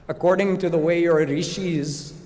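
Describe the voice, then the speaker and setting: A man's voice: on the high side, steady tone, measured pace, mellow, close to an everyday voice. A man quoting a divine lord who patiently and firmly corrects a complaint, in a hall with long reverb. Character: calm divine lord answering, male.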